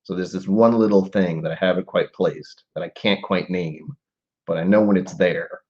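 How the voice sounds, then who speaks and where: A man's voice: sits low, normal speed, a little mellow, breathy edge, lo-fi sound. A man in his forties hosting a casual live-stream tasting, musing aloud and rambling with trailing asides. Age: 40s.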